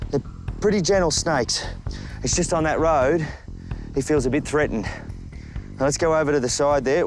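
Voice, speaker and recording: A middle-aged Australian man presenting wildlife on location outdoors, chatty and lively, often talking straight to the animal. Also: a little high, normal speed, faint music behind. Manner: lively, chatty, talks directly to the snake. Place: outdoors in the bush and by a road.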